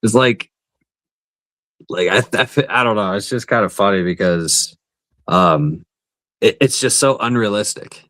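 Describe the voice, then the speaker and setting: A man co-hosts a casual stream with a very deep voice. He talks bluntly and unhurriedly and swears without a second thought. The sound is dry and close. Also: a little slow, long pauses, a bit bright, dry recording. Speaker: co-host. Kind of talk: casual live-stream chat.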